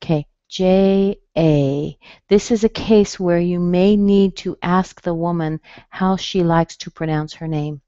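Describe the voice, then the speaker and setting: Slow, careful woman teaching pronunciation. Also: on the low side, level tone, mellow, smooth, dry recording, dull audio. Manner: slow, careful, repeats words for practice. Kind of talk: online class. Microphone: computer mic on a webinar.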